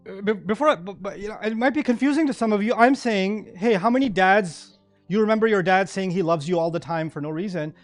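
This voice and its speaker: A man giving a sermon-style lecture to a live audience, animated and often checking in with listeners. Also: sits high, fairly quick, soft background music. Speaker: Islamic speaker.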